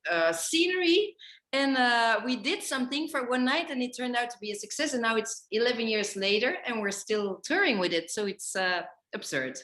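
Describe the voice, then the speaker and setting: A woman from Belgium, a theater maker, answering interview questions in a relaxed, halting way with fillers. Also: fairly high pitch. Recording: echoey remote call.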